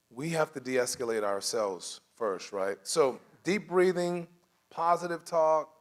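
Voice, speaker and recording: A man teaching a church class on conflict in a casual, animated way, acting out bits of dialogue and laughing often. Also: mid-range voice. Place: church room.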